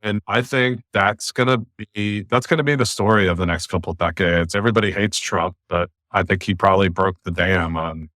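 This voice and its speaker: A man's voice: low voice, fairly quick, hardly any pauses, bright, forceful tone, no room sound, clean studio sound. An American man hosting a podcast, speaking bluntly and emphatically in long runs of argument over a remote call. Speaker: podcast host. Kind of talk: opinionated casual podcast talk.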